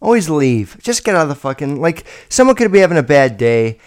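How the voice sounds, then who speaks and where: A man in his twenties hosting a solo podcast, telling stories in a rambling, profane, animated way. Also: a little high, a little fast. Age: 20s. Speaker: podcast host. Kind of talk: casual solo podcast storytelling.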